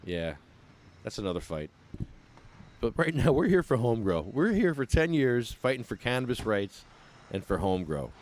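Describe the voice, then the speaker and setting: A man's voice: medium pitch, big pitch swings, normal speed, darkish tone. A man ranting with sarcasm as a cannabis patient activist, livestreaming from an outdoor protest on his phone.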